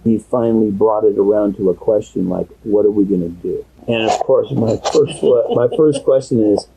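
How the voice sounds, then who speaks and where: A man's voice: lowish voice, normal speed, vocal fry, warm tone, slight background noise. A man, a pastor, talking at length in a secretly recorded private conversation, rambling and earnest, at times emotional. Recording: tinny phone-like audio recording.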